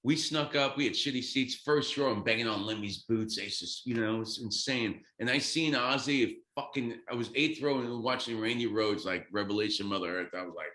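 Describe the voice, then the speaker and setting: A man in his fifties, a guest drummer, telling a story excitedly, swearing freely and acting out quotes. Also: medium pitch, moderate pace, few pauses, reverberant. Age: 50s. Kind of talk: animated storytelling.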